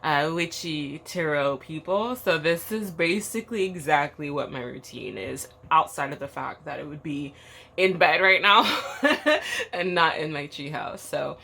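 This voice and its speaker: A woman's voice: low-pitched, expressive, measured pace, creaky, bright, forceful tone. A woman with a groggy morning voice, chatting bluntly and rambling with fillers in a casual vlog from a treehouse. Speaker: tarot vlogger. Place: outdoor treehouse.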